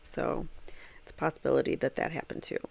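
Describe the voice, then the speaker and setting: A woman's voice: a little fast, darkish tone. A woman hosting a true crime show, talking casually through court testimony and thinking aloud with plenty of fillers. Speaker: true crime podcast host. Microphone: home computer setup.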